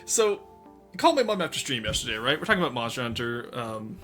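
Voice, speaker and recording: In this casual live stream, a young man talks quickly in a mid-range voice while faint music plays. Animated and often laughing, he keeps talking to his chat.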